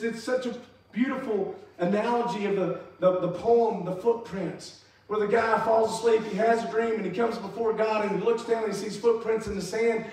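A pastor preaching a sermon, swinging between emphatic rises and quiet, soft endings. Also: male voice, sits high. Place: church sanctuary. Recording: echoey church hall, mic far off.

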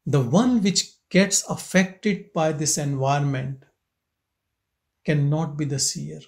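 Trage, bespiegelende spirituele leraar. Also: male voice, fairly high pitch, vocal fry, a little mellow. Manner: slow, questioning, with long pauses. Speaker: spiritual teacher leading satsang. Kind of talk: slow contemplative spiritual talk. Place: meditation centre hall.

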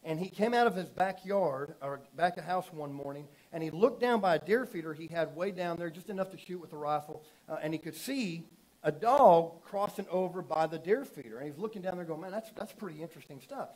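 A man preaching a sermon in a church, telling stories casually and building from soft asides to loud emphatic preaching. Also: on the high side, expressive, a little fast, rough recording. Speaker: pastor.

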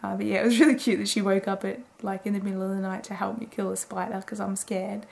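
A woman's voice: medium pitch, flat delivery, quick pace, vocal fry, a little mellow. A woman in her twenties rambling casually through a late-night video diary, chatty and full of fillers. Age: 20s. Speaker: daily vlogger.

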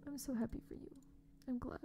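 A young woman streaming a game, chatting casually and bubbly with her viewers, often dropping to a soft whisper. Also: high-pitched, fairly even intonation, a little fast, slight background noise. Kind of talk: casual livestream chat. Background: faint background music.

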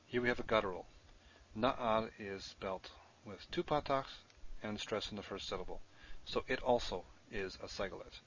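A man's voice: fairly low pitch, normal speed, a bit bright, dull audio, a little hiss or hum. A man teaching a recorded Hebrew grammar lesson, explaining step by step as he writes on the screen.

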